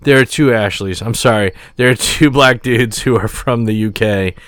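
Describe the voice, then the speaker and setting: A man's voice: mid-range voice, normal speed, fairly bright tone, no echo, studio quality. A man co-hosting a podcast, telling a rambling, profane story with many restarts. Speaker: podcast co-host. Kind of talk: casual chat.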